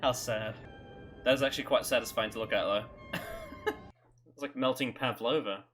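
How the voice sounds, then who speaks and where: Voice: mid-range voice, normal speed, a bit bright, faint music behind. A host giving casual, rambling reaction commentary, stammering and laughing often between thoughts. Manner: swears casually.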